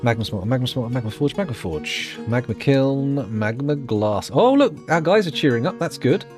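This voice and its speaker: A man's voice: medium pitch, animated, moderate pace, a little mellow, soft background music. Guy muttering jokes to himself while playing a game, voice jumps up and down a lot. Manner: rambling, jokey, muttering asides to himself. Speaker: let's play host. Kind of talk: gameplay commentary.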